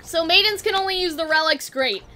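A woman with a high, bright voice hosts a casual review chat. She talks loosely and chattily, filling her sentences with "like" and "you know what I mean.". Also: brisk. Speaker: anime review show host.

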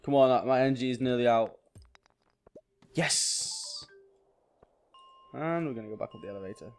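A man's voice: medium pitch, moderate pace, clean tone, faint music behind. A man hosting a gaming channel, giving casual let's-play commentary and thinking aloud with small exclamations.

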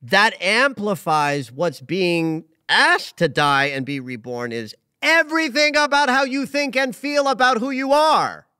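A man hosting a relaxed astrology conversation, speaking with a somewhat high voice and a very lively melody. He gets emotional and often restarts mid-sentence. The sound is dry and close. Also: a little slow, few pauses, clear, resonant tone, dry recording. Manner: animated and emotional, with frequent restarts. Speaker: astrologer host. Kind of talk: casual spiritual chat.

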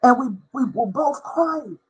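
A middle-aged woman with a somewhat high, husky voice tells a heartfelt faith story from her own life. She speaks with emotion, spells out words for emphasis, and now and then breaks into a line of song. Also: expressive, a little slow, a little mellow, poor audio. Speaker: former schoolteacher. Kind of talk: personal testimony.

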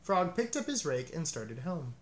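Man narrating a children's storybook, gentle, expressive, lively varied pitch. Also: moderate pace. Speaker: storybook reader. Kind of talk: children's story read-aloud.

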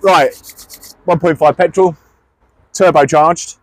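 A man's voice: fairly high pitch, steady tone, slow, no echo. A man hosting a car walkaround, joking and teasing his co-host in playful banter.

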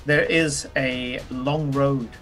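A man's voice: medium pitch, steady tone, slow pace, fairly bright tone, soft background music. A man as game master, narrating a tabletop game in a rambling way full of ums and uhs, swearing casually.

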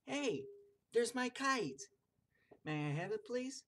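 A man voicing an eager storybook boy, with his voice pushed up high and bright. He is loud and excited. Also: normal speed.

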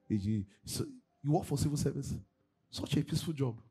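A man's voice: medium pitch, fairly quick, mellow, slightly rough. A middle-aged man preaching a sermon as pastor, acting out congregants' voices and laughing often.

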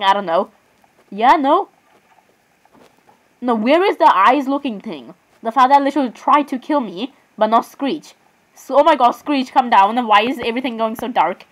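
A young woman chatting excitedly as she comments on her own gameplay, often saying sorry and literally. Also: fairly high pitch, poor audio. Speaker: gamer.

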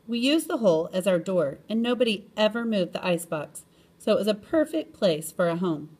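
A woman reading a children's chapter book aloud in an expressive storytelling manner, often lifting her pitch. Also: normal speed.

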